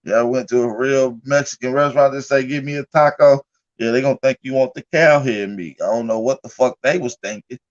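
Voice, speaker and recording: A man's voice: mid-range voice, fairly quick, hardly any pauses. Profane laughing man, muffled stream audio. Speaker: livestream host. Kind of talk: casual livestream rant.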